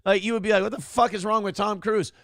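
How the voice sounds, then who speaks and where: A man's voice: high voice, steady tone, fast talker, fairly bright tone, dry recording. A male morning show host giving comedic, ranting commentary, sarcastic and profane as he mocks celebrities, on a close mic.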